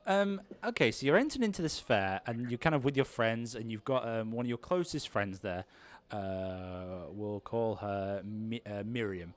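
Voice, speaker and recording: A man's voice: on the low side, animated, moderate pace, hardly any pauses. A man running an improvised tabletop game, narrating in a rambling way full of ums and kind-ofs. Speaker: game master.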